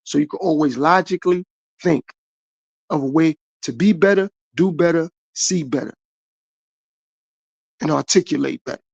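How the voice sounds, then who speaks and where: A man's voice: fairly high pitch, moderate pace, gravelly, long pauses, dry recording, highs cut off. A man hosting his own podcast, giving a repetitive motivational monologue straight to his viewers. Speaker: podcast host.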